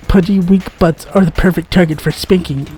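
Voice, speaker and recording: A man's voice: sits high, fairly even intonation, a little slow, warm tone, faint music behind. A man giving let's-play commentary, reading game text aloud and making joking asides with frequent giggles. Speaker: gaming content creator.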